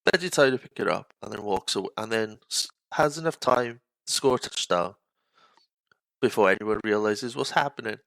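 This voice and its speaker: A man hosting a casual podcast chat, retelling scenes in an animated way, acting out lines and laughing often. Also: fairly low pitch, normal speed, creaky, no room sound, poor audio. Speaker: podcast host.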